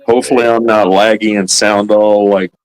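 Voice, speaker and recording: A man's voice: fairly low pitch, little pitch movement, moderate pace, poor audio. A man from Louisiana calling into a friend's stream, chatting in an easygoing way. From Louisiana, USA. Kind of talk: casual chat.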